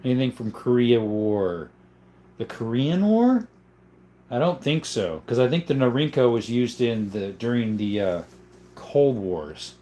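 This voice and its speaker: A man's voice: medium pitch, sing-song, unhurried, mellow, a little hiss or hum. A young adult man hosting a casual livestream, reading viewer comments aloud and answering them in a loose, conversational way. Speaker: livestream host.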